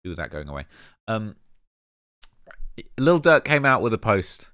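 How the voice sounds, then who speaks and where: A man hosting a rap commentary show, talking casually in slang with animated emphasis and lots of fillers. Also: on the low side, measured pace, clean tone, no room sound, studio quality. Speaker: host of a rap commentary channel.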